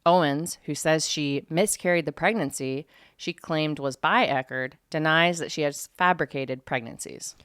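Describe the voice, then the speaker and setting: A woman's voice: low-pitched, normal speed, hardly any pauses, a bit bright, smooth, no room sound, clean studio sound. A woman co-hosting a podcast, chatting candidly and reacting to gossip news. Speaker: podcast co-host. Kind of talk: casual chat.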